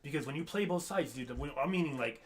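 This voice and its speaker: A young man with a slightly high voice chats in a relaxed, slangy way on a podcast. He calls his friend "dude" and is quick to agree as they talk. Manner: laid-back and slangy, says "dude", agrees often. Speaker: podcast co-host. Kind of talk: casual chat.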